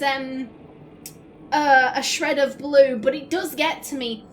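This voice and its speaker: A woman's voice: sits high, slight background noise. A woman streaming a game, reading in-game poems and letters aloud and reacting emotionally in casual commentary. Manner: expressive, quickly emotional, laughs and swears. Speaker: gaming streamer.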